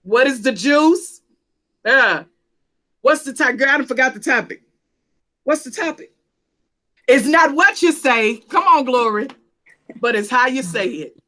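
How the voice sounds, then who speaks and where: A woman's voice: high voice, expressive, a little slow, pauses often, pushed and bright. A woman hosting a church panel talk, playful and coaxing as she calls out to the audience.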